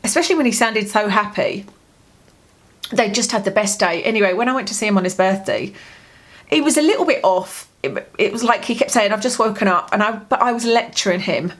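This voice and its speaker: A woman speaking to camera from home in a personal diary vlog. Her voice sits at a middle pitch, and her storytelling is candid and rambling, looping back with plenty of fillers. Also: lively intonation, a little fast. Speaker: vlogger.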